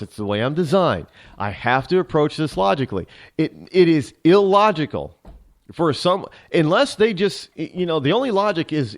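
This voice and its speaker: A man hosting a talk radio show, delivering a sarcastic, rambling opinion monologue full of restarts and fillers. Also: fairly high pitch.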